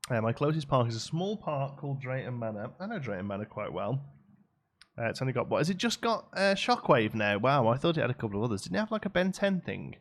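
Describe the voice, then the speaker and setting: A man's voice: medium pitch, very animated, quick pace. A man chatting casually on a live game stream, reading and answering chat as he builds.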